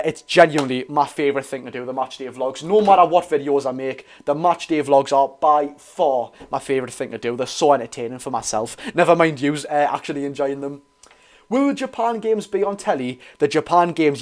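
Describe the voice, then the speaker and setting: A young Geordie man hosts a live football watch-along, flicking between excitable calls of the action and friendly chat with his viewers. His voice sits a touch higher than most men's, and he reads out comments as they come in. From North East England. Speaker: football fan streamer.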